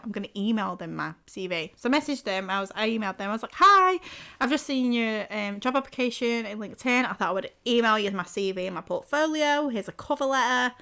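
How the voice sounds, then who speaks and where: A young woman tells a story on a podcast at an ordinary middle pitch. She rambles through it, full of fillers, restarts and the odd swear word. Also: vocal fry, fairly bright tone. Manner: rambling storytelling, heavy use of "like", casual swearing. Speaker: podcast co-host. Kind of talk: casual chat.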